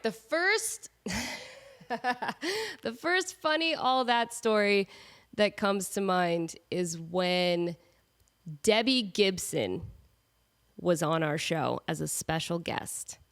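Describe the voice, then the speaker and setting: A woman's voice: on the low side, slow pace, long pauses, a bit bright. Nasal, sick woman podcaster. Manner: chatty, self-mocking, rambling asides. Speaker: podcast host. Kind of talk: casual solo podcast chat. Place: at home with her cat.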